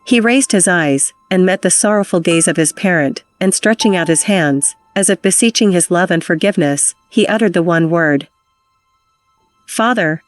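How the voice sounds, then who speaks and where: A woman narrates a classic novel in a steady, measured way. Her voice sits a little low. Music plays clearly beneath her reading. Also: no room sound. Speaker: audiobook reader.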